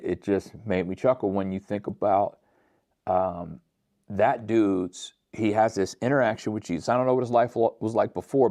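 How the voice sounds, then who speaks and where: A man delivers a casual, conversational sermon full of slang. His voice sits very low, and the recording is close and dry with no room sound. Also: mellow, no echo. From Pittsburgh, USA. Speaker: pastor.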